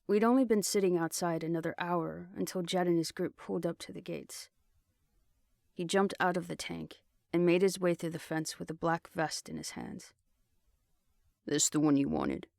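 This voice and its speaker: Gravelly low-voiced woman reading a novel. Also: fairly even intonation, normal speed, a little mellow, dry recording, studio quality. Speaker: audiobook narrator. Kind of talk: first-person fiction reading.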